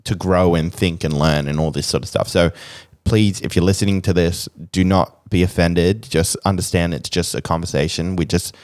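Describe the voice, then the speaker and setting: Young Australian man, podcast co-host, blunt and opinionated, lowish voice. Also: normal speed, few pauses. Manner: blunt, animated, mimics voices in anecdotes. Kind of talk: casual opinion chat.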